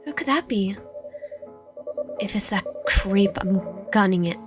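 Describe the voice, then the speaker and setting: A woman reading a visual novel aloud in first person, expressive, with stumbles and asides. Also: medium pitch, a little slow, over music. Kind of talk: dramatic game read-through with asides.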